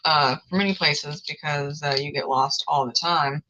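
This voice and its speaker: A man's voice: on the high side, steady tone, normal speed, lo-fi sound, noisy background. A man chatting casually on a video call, giving dry, teasing short replies. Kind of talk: casual chat.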